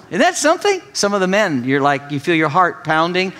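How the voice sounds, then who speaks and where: A man preaching a sermon, reading scripture and then teaching with animated, mocking paraphrases. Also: high voice, fast talker, hardly any pauses, a little hiss or hum. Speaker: pastor.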